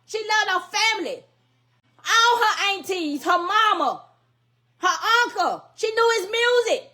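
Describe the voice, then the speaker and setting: A grieving middle-aged mother from Louisiana, her voice strikingly high and sharply bright. She pleads and scolds in emphatic, repetitive bursts, raw with anger and grief. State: grieving and angry. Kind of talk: impassioned public plea.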